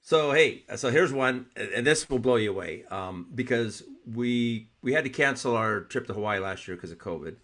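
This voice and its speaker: Male co-host, chatty, exasperated, mid-pitched conversational read. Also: lively intonation, normal speed, few pauses, a bit bright. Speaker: martial arts podcast co-host. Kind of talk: casual chat.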